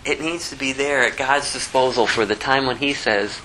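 A pastor preaching from the podium in an easy, conversational way, stopping often to ask rhetorical questions. His voice is bright and clear, with a soft bed of room sound behind him. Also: mid-range voice, moderate pace, slight background noise, rough recording. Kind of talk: sermon with scripture reading.

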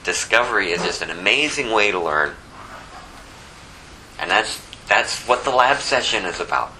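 Male pastor, lowish pitch, very bright tone, chatty sermon style, faint ambience behind. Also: slight background noise, low-quality recording. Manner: conversational preaching, many restarts, rhetorical questions.

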